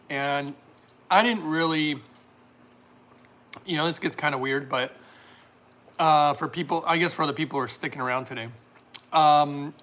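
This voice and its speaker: With a slightly high, somewhat bright voice, a man runs a casual livestream where he reads chat messages aloud. He cracks jokes, laughs often, and tends to trail off mid-thought.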